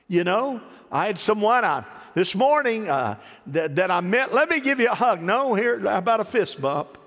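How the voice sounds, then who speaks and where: Folksy preaching man in a reverberant hall. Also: high-pitched. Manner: folksy, animated preaching with questions to the congregation. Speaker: pastor. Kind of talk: sermon.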